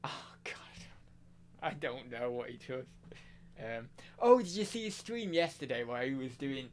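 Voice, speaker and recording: A man's voice: medium pitch, sing-song, normal speed, a little hiss or hum. Rambling man live-streaming. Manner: rambling, many fillers and restarts. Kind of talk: casual live-stream chat.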